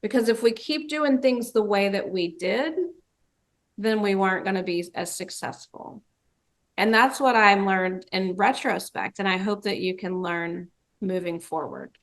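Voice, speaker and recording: A woman's voice: mid-range voice, a little slow. A woman dementia trainer giving a webinar presentation, telling a story and acting out the quoted voices.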